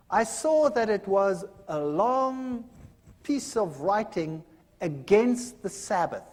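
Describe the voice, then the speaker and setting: Animated older man telling a testimony. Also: sits high. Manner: animated storyteller acting out dialogue. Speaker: speaker giving a testimony. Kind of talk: personal testimony talk. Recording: hall reverb.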